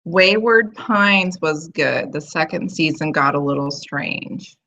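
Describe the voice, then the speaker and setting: A woman's voice: low voice, slow, pushed and bright. A woman in her thirties hosting a casual video chat from home, rambling with lots of fillers. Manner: chatty, rambling, full of fillers. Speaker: host of a live video chat.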